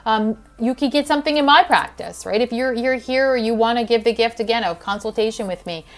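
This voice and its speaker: A woman's voice: a little high, brisk. A woman hosting a health podcast, talking in a casual, earnest and heartfelt way with fillers and restarts. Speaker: podcast host and functional health practitioner.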